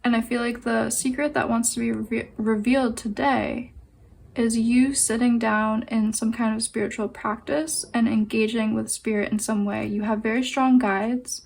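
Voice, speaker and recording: A young adult woman giving a pick-a-card tarot reading, speaking gently and meandering with fillers and pauses. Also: fairly high pitch, steady tone, gravelly, slight background noise. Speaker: tarot and oracle card reader.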